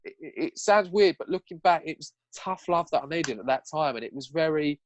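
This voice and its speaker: A man's voice: a little high, lively intonation, a little fast, slight background noise. A young man telling his personal story as a podcast guest, raw and candid, swearing freely.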